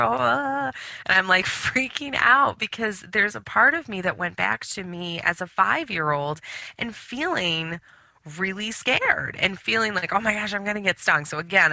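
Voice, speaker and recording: Woman, spiritual radio host; very bright tone, dry close sound, chatty rambling delivery with lots of fillers. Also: fairly low pitch, no room sound. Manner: rambling storytelling with many fillers. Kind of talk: spiritual talk radio monologue.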